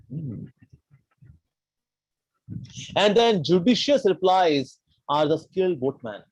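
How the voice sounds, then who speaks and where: A man giving an animated devotional storytelling talk who acts out the voices. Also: a little high, no room sound, rough recording. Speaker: devotional speaker.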